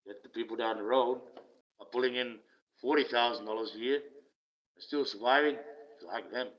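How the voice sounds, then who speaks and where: A man hosting a livestream in a casual rant, profane and sarcastic, swinging from loud outbursts to mutters, on dull lo-fi audio. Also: medium pitch, steady tone, normal speed. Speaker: livestream host.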